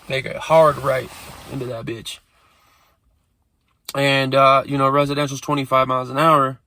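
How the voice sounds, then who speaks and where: Gravelly, profane man telling a story. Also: mid-range voice, sharp tone. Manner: profane, streetwise, rambling. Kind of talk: casual storytelling.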